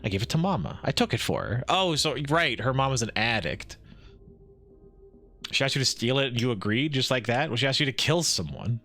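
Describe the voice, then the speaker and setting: A man streaming a game live, reading the dialogue aloud with quick asides and frequent laughs. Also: medium pitch, big pitch swings, bright, forceful tone, soft background music.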